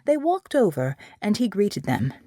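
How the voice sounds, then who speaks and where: A woman narrating an audiobook in a clear, expressive reading, on a close mic. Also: medium pitch, measured pace, dry recording. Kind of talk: scripted narration.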